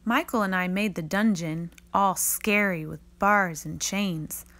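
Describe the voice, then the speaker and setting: Woman slowly reading a picture book aloud. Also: medium pitch. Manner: slow, expressive read-aloud delivery. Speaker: reader.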